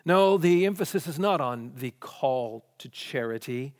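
A man's voice: mid-range voice, expressive, measured pace, big-room sound. A man preaching a sermon, posing question after question before answering them emphatically.

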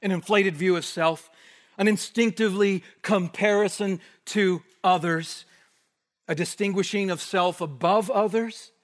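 A male preacher with a fairly high voice gives an expository sermon. He repeats phrases for emphasis and sinks to near whispers to make points land. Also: steady tone, a little slow. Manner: emphatic, repetitive, with hushed drops for weight.

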